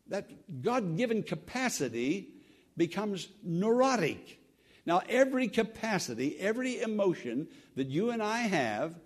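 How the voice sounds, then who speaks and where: A male pastor preaching with an earnest, lively voice that climbs and falls a lot, sitting a touch above the usual male pitch. He swells loud, then sinks to a near hush, with halting restarts along the way. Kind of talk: sermon.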